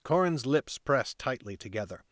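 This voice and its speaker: A man narrating a fantasy novel aloud in a steady reading voice. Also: medium pitch, normal speed, dry recording, studio quality. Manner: steady reading with casual off-script asides.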